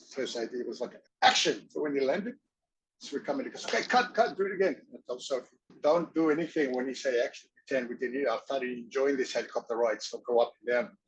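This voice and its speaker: A man as an interview guest, telling stories in an animated way, often laughing and acting out voices. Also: mid-range voice, slight background noise, rough recording. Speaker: interview guest, wrestler and actor. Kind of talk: casual storytelling.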